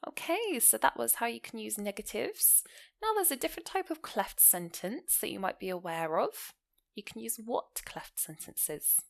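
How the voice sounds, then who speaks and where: Woman teaching grammar, clear and explanatory. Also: fairly high pitch, sing-song, moderate pace. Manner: clear, explanatory, asks the listener questions. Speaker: English teacher. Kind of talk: online grammar lesson.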